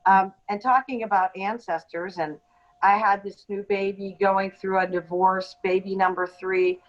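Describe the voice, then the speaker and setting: A woman co-hosting a podcast, telling a personal story in an unscripted, halting way with frequent ums and restarts. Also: mid-range voice, steady tone. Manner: hesitant, many ums and restarts. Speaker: podcast co-host. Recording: dull lo-fi audio.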